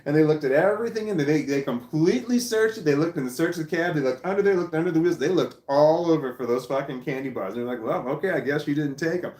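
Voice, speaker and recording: A man's voice: a little high, fast, few pauses, darkish tone. A man casually telling a long rambling story, laughing often and swearing now and then. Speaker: vlogger. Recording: echoey room.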